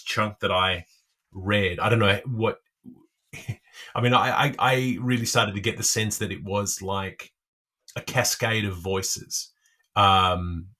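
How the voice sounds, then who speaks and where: A man's voice: on the low side, fairly even intonation, slow, bright, forceful tone. A man co-hosting a casual podcast about a novel, thinking aloud with many fillers and restarts. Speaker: podcast co-host. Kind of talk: casual literary discussion.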